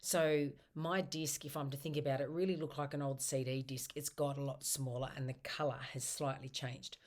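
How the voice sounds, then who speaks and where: A woman practitioner giving gentle self-help instruction, guiding a tapping round and slowly repeating its phrases. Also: rumbling low, level tone.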